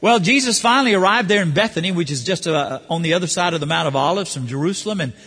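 A man preaching a sermon, animated, acting out the voices of the people he quotes. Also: sits high, fast, slightly rough. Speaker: pastor. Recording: hall reverb.

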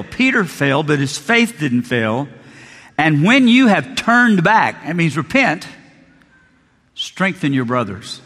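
A man's voice: on the high side, sing-song, slow, fairly bright tone, long reverb tail. A male pastor preaching a sermon in a church, telling Bible stories earnestly and acting out the quotes. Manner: earnest storytelling, acts out biblical quotes.

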